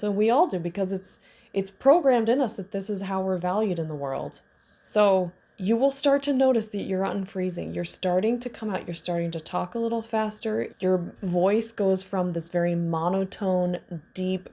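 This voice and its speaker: A woman's voice: fairly low pitch, gravelly. A woman in her thirties speaking as a trauma healing coach, in a candid, casual teaching monologue with laughs and personal asides. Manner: warm candid talk with laughs and self-disclosure.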